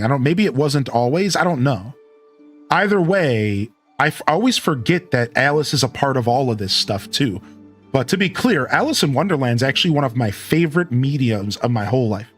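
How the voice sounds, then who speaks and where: A man in his thirties from Ohio with an Ohio accent, chatting casually with viewers as a live streamer, rambling and correcting himself. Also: medium pitch. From Ohio, USA. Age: 30s. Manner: rambling, self-correcting, animated.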